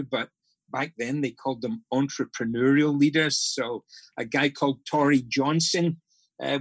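A man's voice: medium pitch, slightly rough, dry recording. A middle-aged Scottish man with a Scottish accent, a podcast guest telling stories with jovial humor. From Scotland. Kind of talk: conversational podcast interview.

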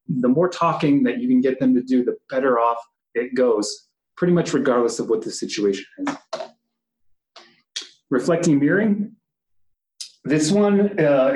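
A man's voice: medium pitch, darkish tone, reverberant, poor audio. A middle-aged man who works as a police instructor, teaching a class in a conversational way with fillers and asides.

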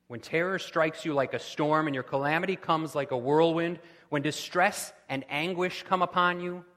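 A man preaching a sermon with impassioned delivery, rising to loud pleading cries. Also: a little high, moderate pace, hardly any pauses, in a large hall. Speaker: pastor.

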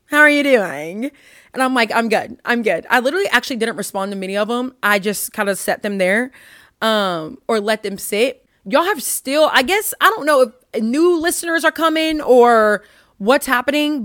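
A woman's voice: fairly high pitch, fairly bright tone, no room sound. Bubbly young woman, dry close mic. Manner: rambling, bubbly, self-mocking. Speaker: podcast host. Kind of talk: casual faith podcast chat.

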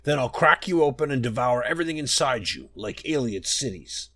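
A man's voice: mid-range voice, animated, brisk, sharp tone, no room sound, clean studio sound. A man voicing a huge, ravenous male wolf who snarls his threats, in a storybook reading. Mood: snarling menace.

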